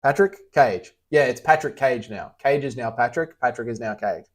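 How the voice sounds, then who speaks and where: A man's voice: medium pitch, expressive, normal speed. Aussie guy bantering through a livestream chat. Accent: Australian. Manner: blunt, swears freely, teasing. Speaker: livestream host reading chat.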